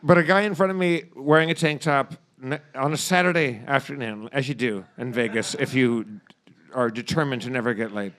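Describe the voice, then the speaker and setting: A man co-hosting a podcast tells a rambling, comic story, stammering through restarts and swearing freely. His voice is medium-pitched and a little bright, and he talks fairly quickly.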